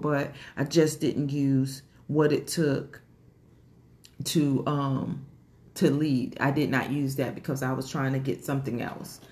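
A woman, sharing a rambling, emotional personal story about starting her organization, with many fillers and repeated words. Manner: grows animated and higher when excited.

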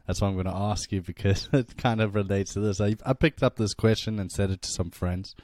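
A man's voice: fairly low pitch, fairly even intonation, brisk, a little mellow, no room sound, studio quality. A young man co-hosting a casual podcast chat, teasing and giggly as he asks cheeky hypothetical questions. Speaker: podcast co-host.

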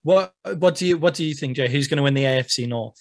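A man's voice: mid-range voice, fast talker. A man hosting a podcast in casual sports chat, laughing often, self-deprecating and swearing. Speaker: podcast host.

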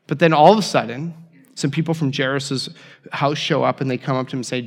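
A man preaching a sermon, telling the story with lively acted-out voices and casual asides. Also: on the high side, brisk. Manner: animated storytelling, acts out voices of biblical figures. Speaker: pastor.

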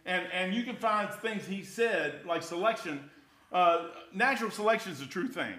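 A man preaching an informal sermon, folksy and conversational, rising loud and then dropping quiet. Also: high-pitched, expressive, moderate pace.

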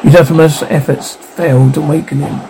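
A man's voice: on the high side, fairly even intonation, fairly quick, background noise. A man narrating a ghost story aloud as an audiobook, giving the characters light voices of their own.

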